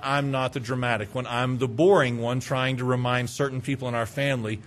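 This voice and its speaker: A middle-aged male pastor preaching a sermon, animated, swinging between loud urging and quiet asides. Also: mid-range voice, a little fast.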